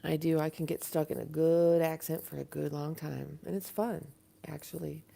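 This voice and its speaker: A woman with a low, gravelly, dark-toned voice speaks at a moderate pace with fairly even intonation. Hosting a casual livestream from her apartment on the device camera, she puts on a Southern US accent, rambling and chatting with frequent laughs.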